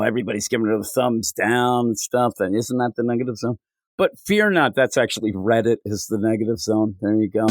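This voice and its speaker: A man's voice: lowish voice, no echo, clean studio sound. A man hosting a comics podcast, riffing jokily and putting on silly voices. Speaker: podcast host. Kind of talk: casual comedic chat.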